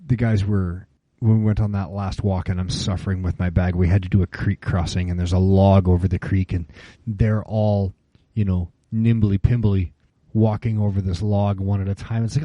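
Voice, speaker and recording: A man in his late forties chatting casually on a podcast, telling stories and acting out quotes in higher voices. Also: little pitch movement, moderate pace, dry recording, muffled recording. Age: 40s. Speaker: podcast co-host. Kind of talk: casual chat.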